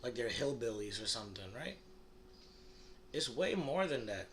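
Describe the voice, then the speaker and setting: A man's voice: medium pitch, big pitch swings, normal speed, fairly bright tone, a little hiss or hum. A young man from the United States delivering a rambling, crude comedic monologue, full of fillers and restarts. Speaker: comedy vlogger.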